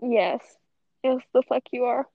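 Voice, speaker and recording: A woman's voice: fairly high pitch, a little slow, vocal fry, dry recording. Young woman swearing through a rambling chat. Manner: rambling, swears a lot, says "like" constantly. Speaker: podcast co-host. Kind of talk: casual chat. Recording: dull, lo-fi audio.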